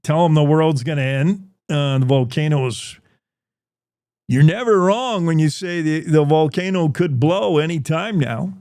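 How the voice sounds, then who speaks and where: A man voicing a male London tabloid reporter eagerly pitching a doom story in a comic bit. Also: a little slow, darkish tone, no echo, studio quality. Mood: scheming. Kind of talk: comic impression.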